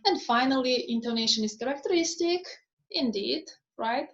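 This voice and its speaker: A woman who is not a native English speaker, giving a lecture slowly and deliberately, with frequent ums and questions to her listeners. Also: high voice, expressive. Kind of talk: recorded phonetics lecture. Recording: echoey room, dull lo-fi sound.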